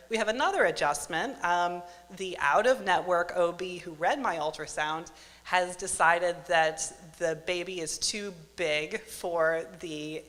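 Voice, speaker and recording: Bright-voiced woman telling a story live. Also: fairly low pitch. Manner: wry, self-mocking, deadpan asides. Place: stage at a live event venue. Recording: live hall with long reverb.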